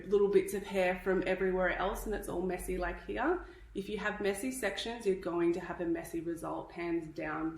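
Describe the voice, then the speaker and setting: An Australian hairdressing educator runs a live hairstyling tutorial, chatty and instructive and a bit breathless, often checking in with "okay?". Her voice sits at medium pitch, and the audio is poor, with a roomy sound.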